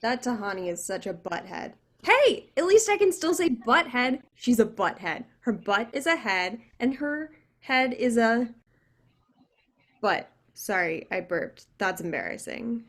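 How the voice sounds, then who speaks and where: A woman's voice: mid-range voice, expressive, a little slow, a bit bright. A woman reading a brash, drunk young woman in the afterlife, sarcastic and slurring, at a video call table read.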